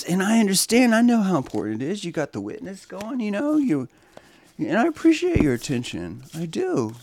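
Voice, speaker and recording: A man hosting a live stream in a loose, rambling monologue, his slightly high voice leaping all over the place as he moves from muttered asides to sarcastic outbursts. The sound is dry and close, with no room around it. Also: normal speed, dry recording. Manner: animated, sarcastic, swings from mutters to exclamations.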